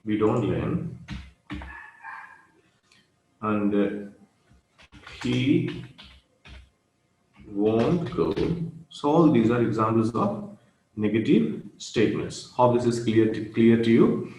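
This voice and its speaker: A man teaching grammar at a very slow, deliberate pace, repeating each key phrase. His voice sits at an ordinary pitch. The room adds a noticeable echo, with faint background noise. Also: animated, a little mellow. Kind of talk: slow online grammar lesson.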